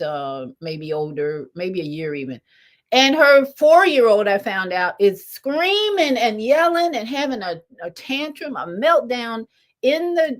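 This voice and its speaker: An older woman, a spiritual teacher, telling a story in an animated, lively way, her voice swinging between rises and soft drops. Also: fairly high pitch. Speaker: spiritual teacher leading meditation. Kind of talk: storytelling talk.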